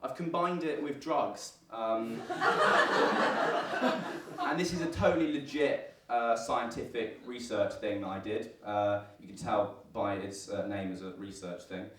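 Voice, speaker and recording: A man's voice: on the low side, a little slow, far from the mic. A young man doing a stand-up comedy set at a student comedy night, with a dry, self-deprecating delivery full of ums and uhs. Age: young adult. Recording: echoey room taped from afar, audible noise. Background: audience laughter.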